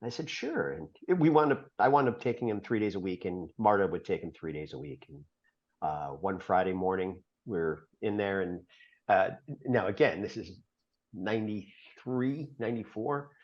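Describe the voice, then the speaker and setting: A middle-aged man, a podcast guest, telling a long personal story in an earnest, halting way with many fillers. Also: low-pitched, expressive. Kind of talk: storytelling interview. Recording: dull lo-fi podcast audio.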